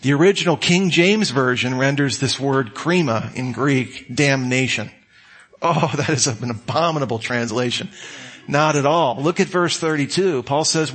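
A man's voice: on the high side, fairly bright tone. A man preaching an expository sermon in a church, teaching conversationally with rising emphasis. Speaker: pastor. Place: church sanctuary.

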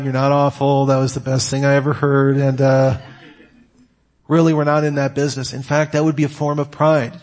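A man's voice: mid-range voice, darkish tone. A man giving a sermon to his congregation, conversational with joking asides. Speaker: pastor.

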